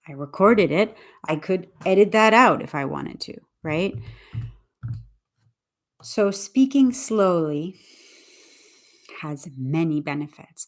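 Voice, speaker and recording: With a deep voice, an English teacher chats casually on a livestream, working through her point in a careful, deliberate manner and frequently starting her sentences over.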